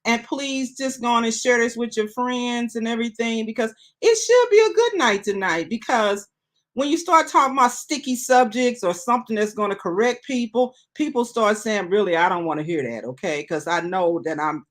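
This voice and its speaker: Middle-aged woman, host of a live online talk show; casual, chatty, slightly high pitch, greets viewers as she reads their comments. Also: moderate pace.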